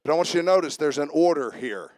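A pastor delivers a sermon in a fairly high male voice that sits close and dry on the mic. He keeps it lively and conversational, calling out to the congregation and pulling people up front. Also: fast talker, dry recording. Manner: lively, interactive, calls on the congregation. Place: church.

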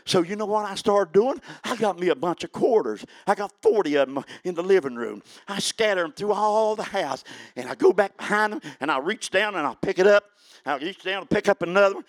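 A man of eighty, preaching a sermon in a folksy storytelling way that builds to fervent shouting. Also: high-pitched, lively intonation, fairly quick, dry recording. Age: 80s.

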